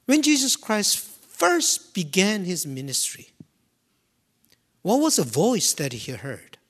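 A man preaching a sermon, swinging from loud emphasis to hushed near-whispers and repeating key phrases slowly. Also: sits high, huge pitch swings. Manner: slow, deliberate delivery with repetition.

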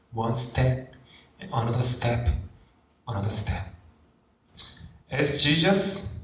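A man preaching a slow, reflective sermon as a pastor, repeating phrases as he goes. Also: medium pitch. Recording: roomy, distant mic with faint background noise.

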